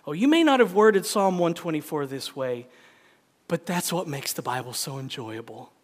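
A man's voice: on the high side, expressive, normal speed. A man preaching a sermon, telling a story with dramatic quoted voices. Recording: long hall reverb.

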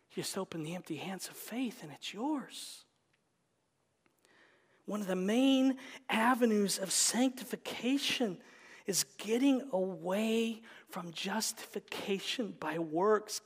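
A male pastor preaching a sermon, swinging from loud calls to hushed whispers. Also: sits high. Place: church sanctuary. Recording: long reverb in a large church hall.

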